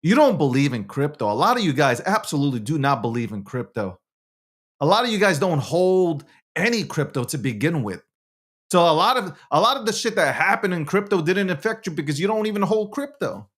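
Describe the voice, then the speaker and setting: A man hosting his own show alone, talking brashly with lots of swearing, swinging from low muttering to loud ranting. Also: big pitch swings, fairly quick. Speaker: show host. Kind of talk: animated solo monologue.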